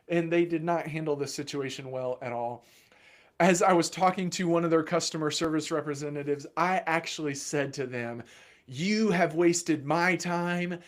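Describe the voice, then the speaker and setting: A man who works as a children's mental health therapist gives a casual educational talk to camera, animated and joking, with sudden loud asides. His voice is a little high.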